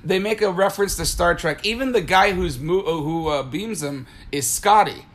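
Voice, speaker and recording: A man in casual chat with a somewhat high voice, rambling loosely from thought to thought. He stammers and restarts his sentences often and laughs easily as he talks. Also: moderate pace, a bit bright.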